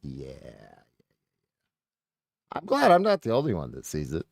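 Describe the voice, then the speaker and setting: A blunt man riffs over a live stream, cursing and mocking as he goes. His voice sits very low but swings widely in pitch. The sound is dry and close to the mic. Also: huge pitch swings, measured pace, no echo. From United States. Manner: blunt, mocking, swears freely. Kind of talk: profane reaction commentary.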